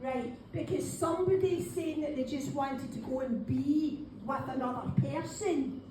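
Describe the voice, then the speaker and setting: A woman's voice: sits high, unhurried. A Scottish woman working as a medium at a live demonstration, chatty, often saying "right, okay" and calling people darling. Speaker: spiritual medium. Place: function room of a local pub. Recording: very echoey room, faint background noise.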